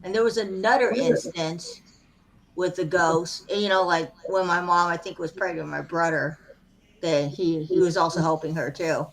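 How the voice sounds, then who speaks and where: A woman's voice: fairly low pitch, moderate pace. A woman in a casual late-night chat, telling a story in an earnest, matter-of-fact way.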